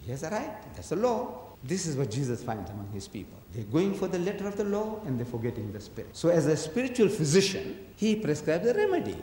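A man lectures with a lively, swooping delivery and a fairly high voice. He drives his points home with rhetorical questions and acts out voices in his anecdotes. The sound is echoey with a long hall reverb. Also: fast talker, hardly any pauses, a little hiss or hum. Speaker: religious lecturer. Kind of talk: public lecture on religion.

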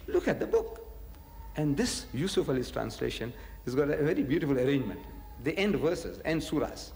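A man giving a religious lecture, animated and full of rhetorical questions, chuckling often. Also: fairly high pitch, brisk, gravelly, a little hiss or hum. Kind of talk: preaching lecture to an audience. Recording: echoey hall reverb.

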